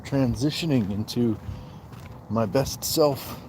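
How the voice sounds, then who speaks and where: Walking outdoors at night, a man hosts a casual live stream from a handheld phone, relaxedly reading viewer comments aloud and answering them. His mid-range voice moves slowly, with a little hiss or hum in the audio.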